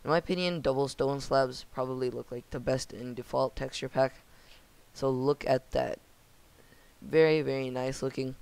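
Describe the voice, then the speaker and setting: A young man speaking in a monotone as he talks through a game building tutorial on his channel. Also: mid-range voice, moderate pace, vocal fry, clear, resonant tone. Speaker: channel host.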